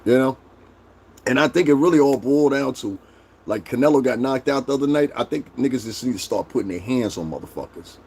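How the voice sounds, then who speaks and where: A man's voice: medium pitch, brisk, darkish tone, slightly rough. A man hosting a livestream, ranting bluntly and profanely and roasting his chat. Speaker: livestream host. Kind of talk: casual livestream rant.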